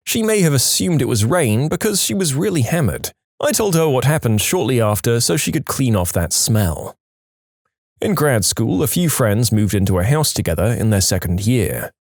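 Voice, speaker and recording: A man reading reddit stories aloud, telling them in a lively way and putting on voices for the quoted people. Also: medium pitch, no room sound, clean studio sound. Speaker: story narrator.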